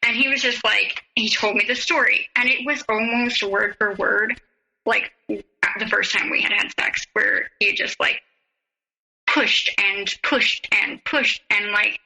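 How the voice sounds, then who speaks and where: A woman, a podcast guest, telling her own story haltingly and recounting past conversations in detail. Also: medium pitch, fairly even intonation, gravelly, sharp tone, rough recording. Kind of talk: personal storytelling in an interview.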